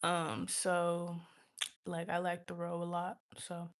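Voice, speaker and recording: Her voice sits fairly low and her delivery is completely flat. A twenty-something woman hosting a livestream, she tells viewers a loose, slang-filled story, mimicking what others said, tossing in quick asides, and whispering the swear words.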